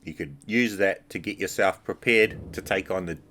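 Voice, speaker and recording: A man casually narrating a game walkthrough over gameplay in a relaxed, chatty way. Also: sits low, normal speed, low-quality recording. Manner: relaxed, chatty, repeats filler words like "obviously".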